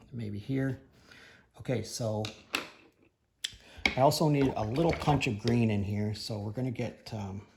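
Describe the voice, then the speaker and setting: A man with a slightly hoarse voice, walking through a painting lesson in a relaxed, offhand tone. His voice sits low and has a gravelly edge. He speaks in a flat, even pitch, stopping now and then to correct himself. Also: noisy background. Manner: relaxed, thinking aloud, self-correcting. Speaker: painting instructor. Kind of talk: casual tutorial narration.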